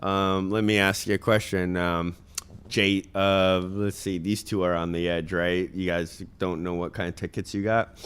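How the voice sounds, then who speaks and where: A man's voice: low voice, little pitch movement, moderate pace, a bit bright, smooth. A man who is a guest on a casual podcast, giving motivational parenting advice and telling family stories in an earnest, direct way. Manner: tells stories and acts out other people's voices.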